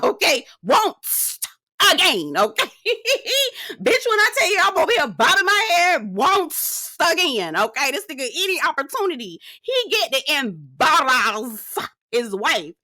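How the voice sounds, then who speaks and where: A woman's voice: high voice, sing-song, a little slow, pushed and bright. A young woman giving a casual, profane reality TV recap, repeating herself for emphasis and laughing often. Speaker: TV show reviewer.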